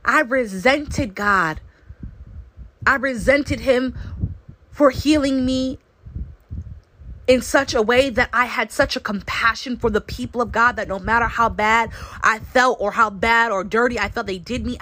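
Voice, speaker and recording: A woman's voice: medium pitch, fairly bright tone, a little hiss or hum, poor audio. A woman in her late twenties giving an earnest devotional sermon, repeating key phrases for emphasis. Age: late 20s. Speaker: Christian speaker.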